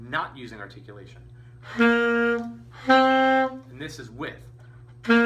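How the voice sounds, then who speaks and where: Patient man teaching beginner band. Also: mid-range voice. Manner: patient, encouraging, counting beats aloud. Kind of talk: instrumental lesson. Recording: distant mic with faint noise.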